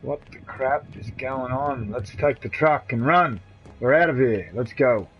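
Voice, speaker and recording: A man with an Australian accent rambles casually through a live game stream, with plenty of swearing and laughter as he talks to his mates. His voice sits at an ordinary mid pitch. The stream audio sounds dull and lo-fi, with faint game music underneath. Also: measured pace. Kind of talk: casual live-stream chat while gaming.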